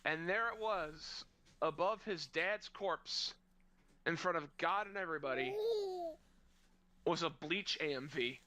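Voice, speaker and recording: A man's voice: a little high, a little slow, long pauses, bright, forceful tone. A man telling a rambling, crude, mock-sentimental story in casual chat with friends. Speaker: podcast co-host telling a story.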